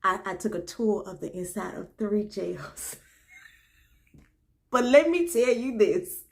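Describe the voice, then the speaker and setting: A woman vlogger telling a comic personal story in an animated, preacherly way, calling her viewers baby and y'all. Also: medium pitch, slow pace, gravelly, pauses often. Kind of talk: comedic storytelling vlog.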